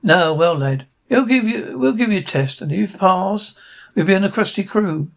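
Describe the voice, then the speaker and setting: A man voicing a gruff middle-aged male crab who runs a restaurant, in a lowered sea-captain manner. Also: animated, normal speed, full character voice.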